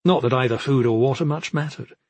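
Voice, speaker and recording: A man narrating an audiobook in a steady, even way, his mid-range voice slightly husky. The sound is dry and close, with no room echo. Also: medium pitch, brisk.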